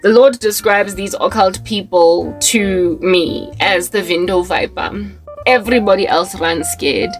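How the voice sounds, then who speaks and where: Lady vlogging, chatty and animated, tells a story then preaches, faint music behind. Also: mid-range voice, a little slow. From South Africa. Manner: animated, chatty, with many fillers. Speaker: Christian vlogger.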